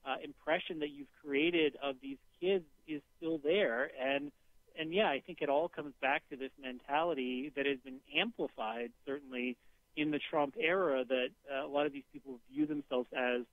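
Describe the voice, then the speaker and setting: A man's voice: fairly high pitch, dry recording. Man commenting over a tinny phone line. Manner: measured, explanatory, restarts phrases. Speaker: guest commentator. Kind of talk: political talk radio commentary.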